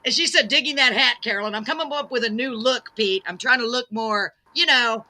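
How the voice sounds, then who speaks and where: A woman's voice: on the high side, fairly quick, bright, forceful tone. Bubbly woman hosting a live show. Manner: bubbly, gushing, self-deprecating. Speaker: talk show host. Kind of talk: live-stream chat, reading viewer comments.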